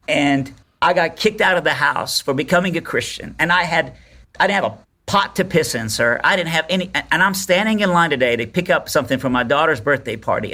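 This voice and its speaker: Bright-voiced animated male storyteller. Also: a little high. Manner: animated storyteller, acts out quotes. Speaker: podcast guest. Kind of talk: storytelling in casual chat.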